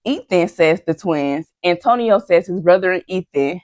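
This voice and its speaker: A woman's voice: lowish voice, lively intonation, normal speed, a little mellow, no echo. A young woman giving a chatty, gossipy reality-TV recap, talking straight to her viewers and acting out what people said. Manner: chatty and gossipy, addresses viewers as y'all, acts out quotes. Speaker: recap vlogger.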